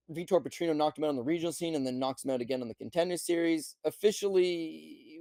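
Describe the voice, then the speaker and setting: Blunt gravelly-voiced man ranting. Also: darkish tone, no room sound. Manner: blunt, profane, mocking; acts out quotes in high mocking voices. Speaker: podcast host. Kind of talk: casual sports betting rant.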